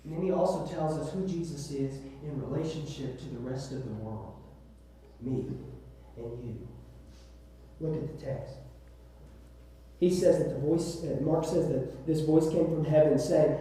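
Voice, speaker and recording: A pastor with a Southern US accent preaches a sermon in a church sanctuary, emphatic, repeating words and asking his listeners "right?" His voice is a little high and mellow at a moderate pace, heard from a distance in a very echoey room.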